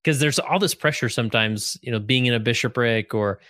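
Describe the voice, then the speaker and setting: A man's voice: mid-range voice, brisk, a bit bright, no room sound, clean studio sound. A man hosting an interview podcast who speaks casually and thinks aloud, with many fillers. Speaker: podcast host.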